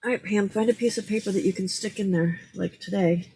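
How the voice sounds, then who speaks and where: A woman's voice: mid-range voice, fairly quick, mellow, a little hiss or hum, rough recording. A woman hosting a late-night crafting livestream, chatting casually and talking to herself as she works.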